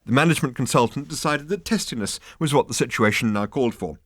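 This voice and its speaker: A man's voice: medium pitch, quick pace, fairly bright tone, dry recording. A man narrating an audiobook in a dry, wry storytelling manner.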